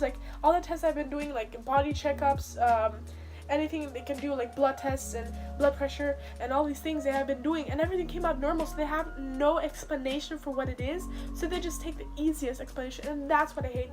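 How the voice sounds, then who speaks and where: A woman's voice: high voice, darkish tone. A young woman venting to camera while in pain and close to tears, stressing her words by repeating them. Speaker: vlogger.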